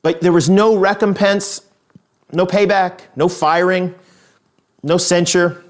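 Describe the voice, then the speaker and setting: A man's voice: high-pitched, steady tone, takes it slowly. A middle-aged man preaching a sermon in a conversational, storytelling way, with frequent restarts. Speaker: pastor.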